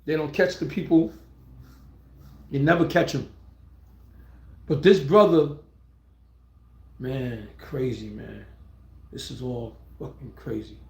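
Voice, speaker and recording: A middle-aged man live-streaming a casual story, rambling and excitable, often restarting his words and swearing freely. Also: mid-range voice, slow pace, gravelly, long pauses. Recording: roomy echo.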